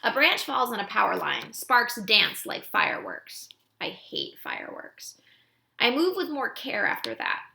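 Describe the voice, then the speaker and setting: An animated woman reading a children's novel. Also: mid-range voice, measured pace, creaky. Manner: expressive, animated. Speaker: audiobook reader.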